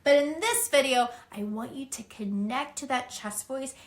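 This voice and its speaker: A woman's voice: high voice, moderate pace. A woman giving a singing lesson, encouraging and demonstrating spoken and sung phrases. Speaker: singing teacher. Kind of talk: vocal lesson to camera.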